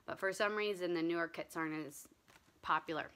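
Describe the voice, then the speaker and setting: A woman's voice: lowish voice, brisk, fairly bright tone. A woman vlogger chatting casually about her stitching, rambling along with ums and restarts. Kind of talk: casual chat.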